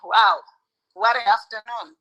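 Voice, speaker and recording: Fired-up woman on a podcast panel, bright voice, from south africa, keeps pressing her point. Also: on the high side, steady tone, measured pace, low-quality recording. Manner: indignant, emphatic, stacks up complaints. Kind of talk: heated casual commentary.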